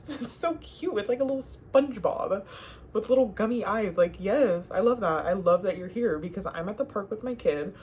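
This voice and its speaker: A young woman giving relationship advice in a sassy, animated, casual monologue to the viewer, often laughing. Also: mid-range voice, a little hiss or hum. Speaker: advice vlogger.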